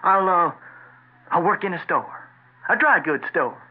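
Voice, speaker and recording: A man's voice: high voice, expressive, unhurried, a little hiss or hum. An actor playing a slick western con man who talks in a florid, theatrical way, in 1940s radio acting. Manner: theatrical, florid, smooth-talking. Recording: tinny old radio broadcast.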